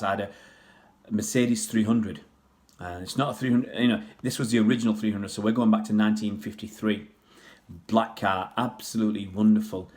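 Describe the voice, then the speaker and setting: A Pakistani man brought up in England chats on a livestream in a lowish voice with a darkish tone. He answers viewers' questions in a rambling, chatty way, with frequent restarts and fillers.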